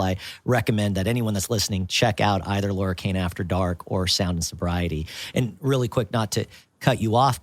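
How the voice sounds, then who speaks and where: A man's voice: fairly low pitch, no room sound. A man hosting an interview podcast, talking enthusiastically with his guest. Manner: enthusiastic and warm toward the guest, with fillers. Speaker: podcast host. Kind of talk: conversational interview.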